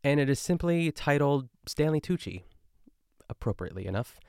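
A man's voice: on the high side, animated, moderate pace, vocal fry, darkish tone, smooth, no echo, studio quality. A man hosting a podcast, recapping an episode in a chatty, rambling way and asking himself questions aloud. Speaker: podcast host. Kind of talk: casual solo recap chat.

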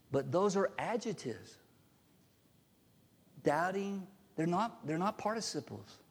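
Male preacher, sermon delivery, emphatic, slightly high voice, long hall reverb. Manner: emphatic, rises sharply in pitch when quoting. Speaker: pastor.

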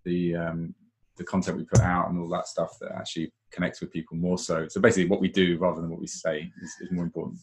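A man co-hosting a live webinar, talking in a reflective, low-key way in a casual discussion. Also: monotone, fast, a little hiss or hum.

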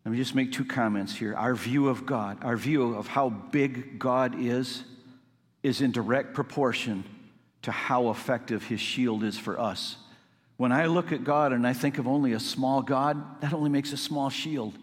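A male pastor delivering a sermon, building from calm explanation to fervent emphasis. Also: mid-range voice, unhurried. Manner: preaching, rising to fervent emphasis. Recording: long hall reverb.

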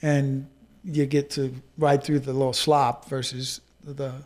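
A man's voice: medium pitch, level tone, measured pace, a crowd in the background. A man casually recounting an adventure race as a guest, telling stories with laughs. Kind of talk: casual storytelling chat.

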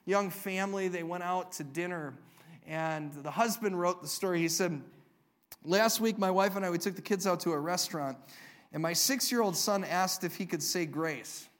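A man, a pastor, preaching a sermon and telling a story, moving from emphatic peaks to a soft, quiet close. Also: sits high, normal speed.

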